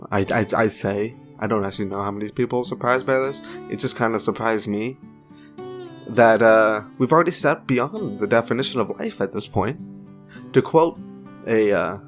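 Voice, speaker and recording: Chatty, lower-voiced man. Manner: informal, chatty, with joking side remarks. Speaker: video commentator. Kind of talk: casual opinion monologue.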